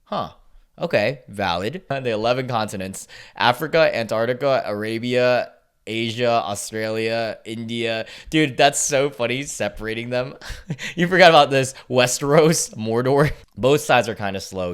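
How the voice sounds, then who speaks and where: A man's voice: mid-range voice, fairly bright tone, smooth. A young man hosting a casual reaction video, reading posts aloud and reacting bluntly with frequent swearing.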